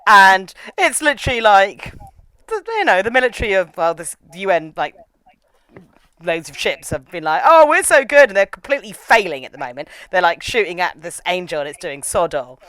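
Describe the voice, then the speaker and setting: A woman chatting through an anime episode with a co-host. Her low voice swings widely as she acts out characters. The sound is close and dry. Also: normal speed, no echo. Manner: animated, slangy, acts out characters. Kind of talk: casual anime review chat.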